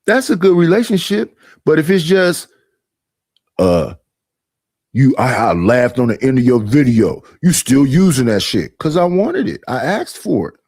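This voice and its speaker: A middle-aged man rants on a livestream, aggrieved and repetitive, going over the same point again and again. His voice is dark and mellow, and the sound is dry and close. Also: mid-range voice, sing-song, measured pace, breathy edge, no echo. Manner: aggrieved, repetitive, mimics others in quoted voices. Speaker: streamer. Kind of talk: casual livestream rant.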